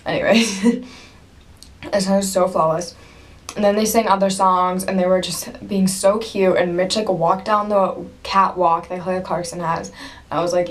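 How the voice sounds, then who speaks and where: A young woman with a slightly lower voice gushes to her camera at home, telling her story in a breathless, excited rush. She breaks into laughter and drops to a whisper now and then. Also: moderate pace. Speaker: vlogger.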